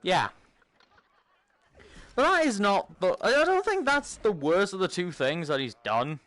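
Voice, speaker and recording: A man with a high voice that leaps all over the place hosts a gaming video, recounting a game session in loose, casual chat. He is an animated, laughing storyteller. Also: a little slow, no echo.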